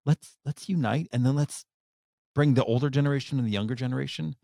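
A man's voice: medium pitch, quick pace, creaky, mellow, no echo, clean studio sound. A man hosting a podcast interview, effusive and upbeat, filling his speech with "like". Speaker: podcast host.

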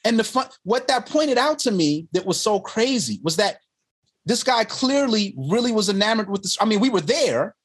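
A man's voice: sits high, normal speed, husky. A man, a filmmaker guest, telling stories in casual conversation and acting out the people in them. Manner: animated, quoting others in lively voices. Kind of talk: conversational storytelling.

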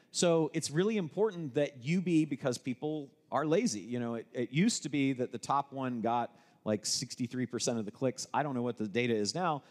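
A man's voice: a little high, darkish tone. Man presenting to a live audience, echoing hall. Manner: conversational, explanatory, with frequent restarts. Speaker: co-host presenting at a live workshop. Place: event room with an audience.

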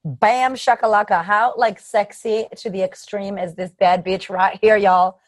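A woman's voice: mid-range voice, fairly even intonation, unhurried, no room sound. A woman hosting a podcast, affirming and gushing in a casual, colloquial way. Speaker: podcast host.

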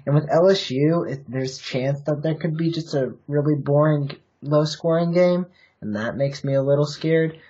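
A podcast co-host with a slightly high, warm voice argues his college football picks at a moderate pace in a casual sports-betting chat. His case comes out hesitant and packed with fillers, and the podcast audio sounds dull and muffled.

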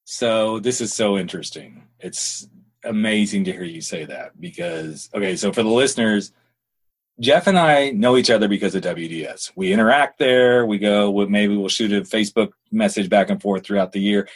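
A middle-aged man hosting a podcast, chatting candidly and telling stories in a casual, expressive way. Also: fairly low pitch, moderate pace, husky. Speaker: podcast host.

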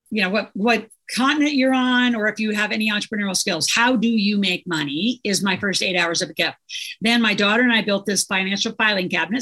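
A woman's voice: medium pitch, fairly bright tone. A middle-aged woman, a guest author, chatting casually and telling stories with enthusiasm. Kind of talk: casual interview chat.

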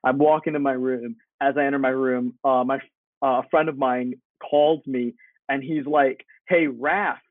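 A man's voice: mid-range voice, flat delivery, moderate pace, no echo. Young man on a tinny line. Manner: laughing, slangy. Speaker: guest. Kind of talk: casual chat.

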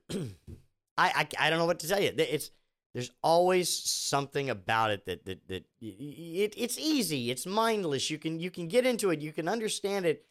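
A man in a sarcastic, rambling comedic rant, tripping over restarts as he piles up asides. His voice sits high and swings widely in pitch, which keeps the delivery lively. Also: moderate pace.

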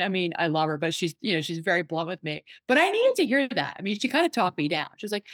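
A woman psychotherapist and life coach talking in a casual interview, animated and storytelling, acting out what others said. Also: fairly low pitch, fast, hardly any pauses, no echo. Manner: animated storyteller, acts out quoted voices.

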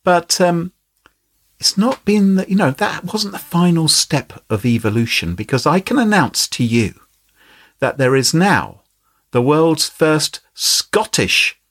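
A man's voice: fairly high pitch, big pitch swings, slow, a bit bright, slightly rough. A man hosting a podcast in casual chat, playful and laughing often. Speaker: podcast host.

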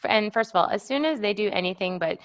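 A woman co-hosting a casual political podcast, indignant and quick, often restarting her sentences and talking over her partner. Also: mid-range voice, lively intonation, dull audio. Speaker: podcast co-host. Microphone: remote call with feedback.

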